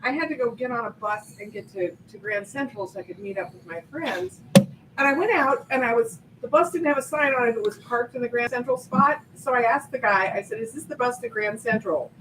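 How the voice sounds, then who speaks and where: A woman's voice: on the high side, a little fast, a little hiss or hum, poor audio. A woman from Oregon telling a funny travel story in a casual group chat, laughing as she goes.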